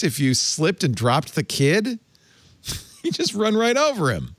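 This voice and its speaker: Male host, casual panel chat, lively swinging pitch, dry close sound. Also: measured pace, no echo. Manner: animated, laughing, wry.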